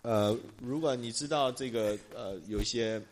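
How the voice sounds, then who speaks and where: A man interprets a sermon live in a church. He hesitates often and fills the gaps with small filler sounds. A faint noise stays in the background, and his voice sits at an ordinary pitch. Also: normal speed.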